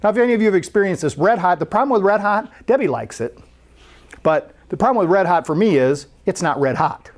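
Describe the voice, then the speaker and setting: A speaker at a spiritual center, telling a story during a sermon in a conversational, animated way. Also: medium pitch, brisk.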